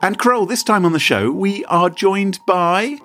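A man's voice: sits high, lively intonation, unhurried, pushed and bright, faint music behind. A man co-hosting a podcast in casual chat, playful and teasing as he tells a story. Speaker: podcast co-host.

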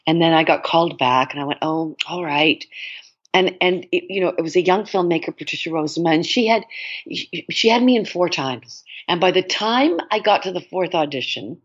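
An older woman from Canada, an actress guest telling stories in a chatty, animated way with frequent laughs. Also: lowish voice, a little fast, husky, muffled recording. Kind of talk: casual interview chat.

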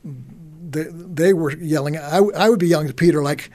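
A man's voice: a little high, moderate pace, warm tone. A man in casual conversation about faith and doubt, rambling, repeating words and using many fillers.

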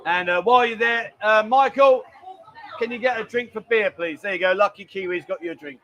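A man's voice: high voice, brisk, a bit bright, low-quality recording. A middle-aged man hosting a live stream, chatty and bantering as he rambles along. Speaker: livestream host. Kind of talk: casual live-stream chat.

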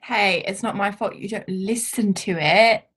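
A woman's voice: medium pitch, unhurried, a bit bright, slight background noise. Amused woman co-host. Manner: amused, teasing interjections. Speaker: podcast co-host. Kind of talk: casual chat.

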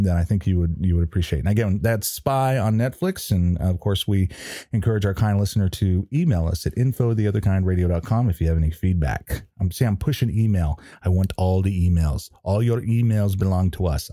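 A man's voice: sits low, brisk, dark tone, no echo, studio quality. A man co-hosting a podcast, talking casually with a rambling, hesitant manner full of fillers and restarts. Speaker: podcast co-host. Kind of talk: casual chat.

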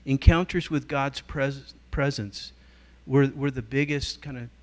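A man's voice: mid-range voice, measured pace. A middle-aged man speaks as a guest teacher at a church gathering. He tells stories with lots of life, leaning into quoted voices and changing his delivery as he goes. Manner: storytelling, animated, acts out quoted voices. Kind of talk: teaching talk to a church group.

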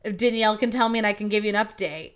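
A woman's voice: mid-range voice, racing, clear, resonant tone. A young woman hosting a podcast, telling stories in a chatty, profane, casual monologue. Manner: chatty, profane, acts out quoted voices. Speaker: podcast host.

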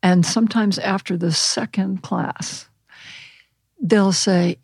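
A woman animal communication counselor speaking calmly and gently instructing, in a podcast interview. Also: medium pitch, takes it slowly, husky, dry recording. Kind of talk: podcast interview, guided visualization.

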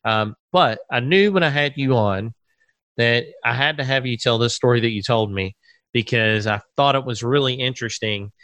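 Podcast host, male, earnest and halting, dry close sound. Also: medium pitch, a bit bright, no echo. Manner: earnest, halting, with many restarts. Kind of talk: casual interview chat.

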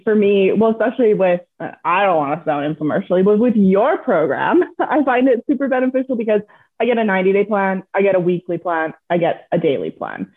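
An earnest, upbeat woman talking about her own routines as a guest on a chat show. Her mid-pitched voice comes through a thin, phone-like line. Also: animated, a little fast. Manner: earnest, upbeat, laughs easily. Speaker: guest, coaching client. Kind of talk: casual interview. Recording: tinny call line.

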